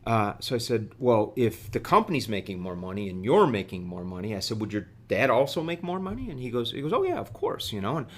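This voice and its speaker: Middle-aged male podcast guest, low-pitched, rambling anecdote full of restarts. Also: very animated. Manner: halting, many fillers and repeated words. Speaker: guest executive. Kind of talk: storytelling in a podcast interview.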